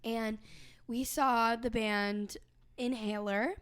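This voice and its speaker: A woman's voice: fairly high pitch, steady tone, takes it slowly, a bit bright, clean tone. A young American woman in her twenties, co-hosting a casual podcast chat with friends, rambling and chatty with lots of fillers. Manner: chatty, rambling, heavy use of "like". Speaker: podcast co-host.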